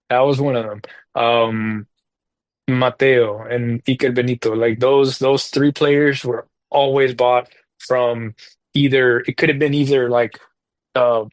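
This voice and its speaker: Here a dad who co-hosts a soccer video game podcast wanders through a lengthy anecdote in a relaxed, slangy way, with plenty of fillers. His voice sits in the middle range, and the audio has no room sound.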